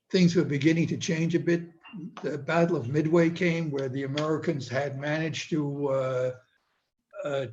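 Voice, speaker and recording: A man's voice: on the high side, a little mellow. Older man telling a wartime story. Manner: vivid storytelling, acts out voices in quotes. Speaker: Holocaust survivor speaker. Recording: dull lo-fi sound with faint noise.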